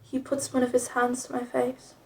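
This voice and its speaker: A woman's voice: high voice, monotone, normal speed, vocal fry, mellow. A young woman reading old fanfiction aloud with profane, snarky commentary. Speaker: video creator reading fanfiction.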